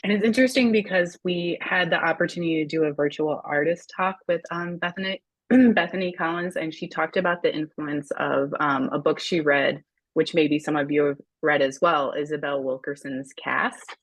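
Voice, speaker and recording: A woman's voice: low-pitched, steady tone, normal speed, no room sound, low-quality recording. A woman on a museum's staff presenting a public talk, speaking directly to the audience in a friendly, conversational way.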